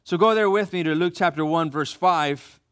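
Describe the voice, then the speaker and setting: A man preaching a sermon as pastor, reading scripture slowly and softly, then speaking up for lively asides. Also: fairly high pitch, clean tone.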